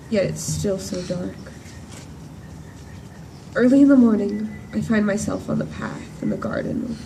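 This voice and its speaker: A woman in a church performing a monologue as a grief-stricken woman disciple at the empty tomb. She speaks earnestly and in measured phrases, with emphatic repetitions. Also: mid-range voice, background noise. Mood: sorrowful. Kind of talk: dramatic first-person monologue. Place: church service at sunrise. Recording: distant voice with faint room ambience.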